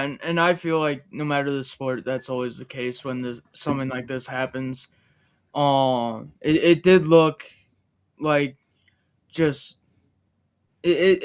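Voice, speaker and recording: A man's voice: medium pitch, smooth. A man co-hosting a casual sports podcast, upbeat and stumbling over his words now and then. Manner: upbeat, halting restarts. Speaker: podcast co-host.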